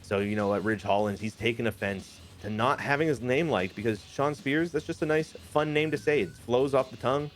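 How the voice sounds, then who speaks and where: Guy hosting a wrestling game playthrough, lively storyteller, bit of music in the back. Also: a little fast, few pauses. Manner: animated, jokey, briefly puts on high-pitched character voices. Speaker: host booking a wrestling game. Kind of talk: casual play-by-play storytelling.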